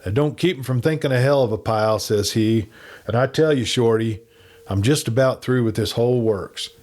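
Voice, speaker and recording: A man's voice: medium pitch, normal speed, darkish tone, close to an everyday voice. A man voicing a nervous, frightened express office man who talks in anxious, urgent tones. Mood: fearful. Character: nervous male express clerk, fretful and scared.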